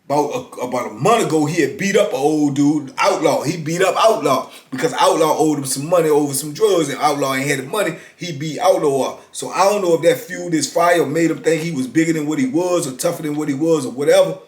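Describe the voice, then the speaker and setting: A man in his fifties casually telling a story from his past in a laid-back, drawn-out way, often dropping "man" into his sentences. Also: a little high. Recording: roomy echo.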